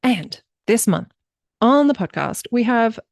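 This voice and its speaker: A woman's voice: on the high side, expressive, slow pace, vocal fry, darkish tone, dry recording, clean studio sound. A woman hosting a podcast, introducing her guest in a chatty, enthusiastic way. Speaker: podcast host.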